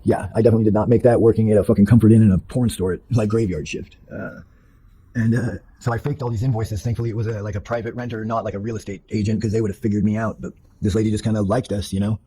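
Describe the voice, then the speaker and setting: A man's voice: fairly low pitch, little pitch movement, fast talker, dark tone, breathy edge, poor audio. A man telling his life story in an interview, blunt and profane, rambling with fillers and restarted sentences. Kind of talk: candid personal storytelling.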